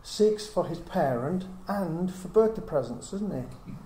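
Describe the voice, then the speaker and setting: A middle-aged Bible teacher, animated yet measured in pace, earnestly reasons through Scripture for a small group and poses many rhetorical questions. His voice is a little high and mellow; the recording is echoey with a faint hiss.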